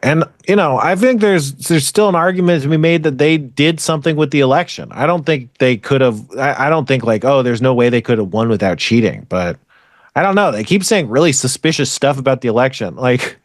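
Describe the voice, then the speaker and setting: A man's voice: medium pitch, fairly quick, no room sound, clean studio sound. A man co-hosting a podcast, ranting in a rambling, profane, exasperated way in casual chat. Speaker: podcast co-host.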